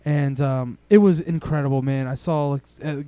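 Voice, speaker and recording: A young man, co-hosting a podcast and telling a long story in a rambling, excitable way, swearing often. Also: mid-range voice, moderate pace, clean tone, no room sound. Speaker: podcast co-host. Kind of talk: casual storytelling chat.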